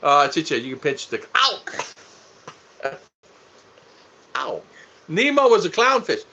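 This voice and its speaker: A man from the United States hosts a casual livestream, reading viewer comments and clowning around. His voice is bright and a bit higher than most men's, and he keeps breaking into laughter. The sound is dull and lo-fi, like stream audio. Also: very animated, slow, gravelly, a little hiss or hum. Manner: goofy, teasing, laughs often.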